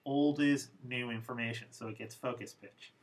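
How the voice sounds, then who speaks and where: A man teaching English pronunciation in a recorded lesson, explaining slowly and with deliberate emphasis. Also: mid-range voice, steady tone, poor audio.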